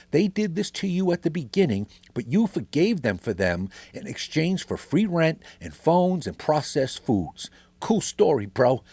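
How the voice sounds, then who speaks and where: A man's voice: mid-range voice, darkish tone, husky, no room sound. A middle-aged man hosting a podcast, delivering an angry, sarcastic, swearing political rant. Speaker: podcast host.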